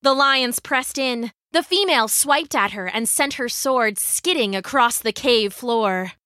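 A woman narrating a scripted children's story in a measured, vivid way. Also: fairly high pitch, animated, bright, forceful tone, no room sound, studio quality.

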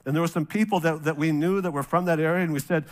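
A middle-aged man from North Dakota preaching from the pulpit, with a voice that sits high for a man. He tells stories in a loose, conversational way and breaks into the voices of the people in them. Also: quick pace. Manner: storytelling, animated, acts out quoted voices. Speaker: pastor. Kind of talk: sermon.

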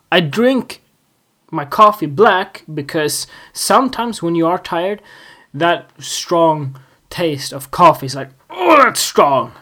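A man talks alone into his podcast, rambling from one thought to the next and mocking himself as he goes. His pace is slow and unhurried, and he often breaks off to laugh at his own asides. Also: on the high side, a bit bright. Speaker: podcast host. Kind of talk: solo podcast monologue.

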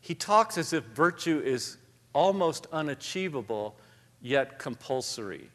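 A man's voice: on the high side, lively intonation, a little slow. A man speaking as a guest author in a live onstage conversation, thoughtful and self-deprecating, reading a passage aloud. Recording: long hall reverb.

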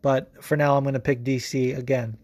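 A man's voice: medium pitch, level tone, brisk, a little mellow, no room sound. A young man hosting a podcast, giving casual, profane sports commentary full of fillers. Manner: loose and profane, lots of fillers. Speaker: podcast host.

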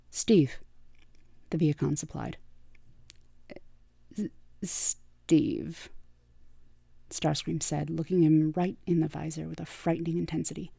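A woman narrating fan fiction as a podfic reader, in slow, even storytelling. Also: low-pitched, gravelly, breathy edge, no room sound.

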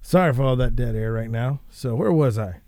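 A man hosting a casual show, ranting and swearing in a rambling, animated way. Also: medium pitch, fairly quick. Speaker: podcast host.

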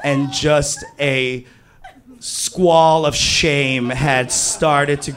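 A man telling a comic true story to an audience, animated and self-mocking, leaping high in pitch on exclamations. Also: very slow.

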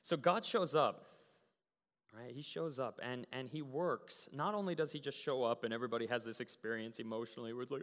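Animated man preaching in a reverberant church. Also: on the high side, fairly quick. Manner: animated storyteller, many fillers and repeated words. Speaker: youth pastor. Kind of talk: casual sermon. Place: church sanctuary. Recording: church hall with long reverb.

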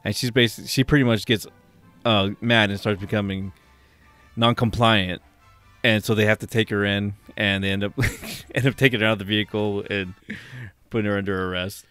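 A man's voice: fairly low pitch, steady tone, moderate pace, fairly bright tone, clean tone, no room sound, soft background music. A man co-hosting a casual podcast, telling profane, rambling stories and laughing along. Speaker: podcast co-host. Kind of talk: casual chat, reading odd news.

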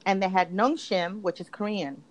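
A woman's voice: medium pitch, steady tone, normal speed, low-quality recording. A woman co-hosting a podcast, talking in a chatty, casual way with lots of fillers and restarts. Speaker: podcast co-host. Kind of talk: casual chat.

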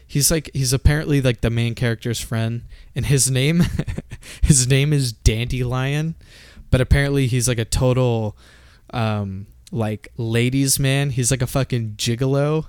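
A man's voice: medium pitch, a little mellow, clear, resonant tone, dry recording, studio quality. A man chatting casually about video games, swearing freely and laughing often. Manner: profane, ranting, laughs often. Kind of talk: casual gaming chat.

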